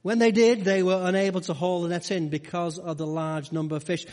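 A man's voice: high voice, fairly even intonation, a little fast, a little mellow. A man preaching a conversational sermon, full of rhetorical questions and asides to the congregation. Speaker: pastor. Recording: long hall reverb.

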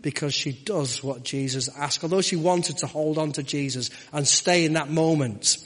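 A man's voice: fairly high pitch, normal speed, fairly bright tone, long reverb tail. A man preaching a sermon and leading prayer, with rhythmic repeated phrases and rhetorical questions. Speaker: pastor. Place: church.

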